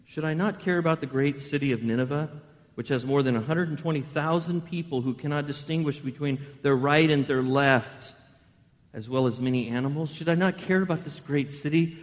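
Older pastor preaching in a reverberant hall. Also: male voice, medium pitch, a little fast. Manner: animated, conversational preaching with rhetorical questions. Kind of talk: sermon.

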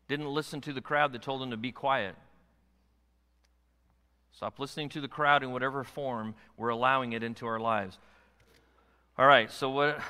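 With a clear, resonant, mid-range voice that is bright and forceful, a male pastor delivers his sermon. He drops to hushed, intimate tones, then rises to loud, pressing exhortation, carried by the long reverb of a vast church.

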